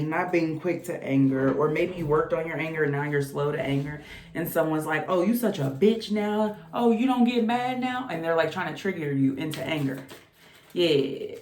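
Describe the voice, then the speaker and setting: A woman casually reading tarot cards, chatty and exclamatory. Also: low-pitched. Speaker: tarot reader. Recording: echoey room.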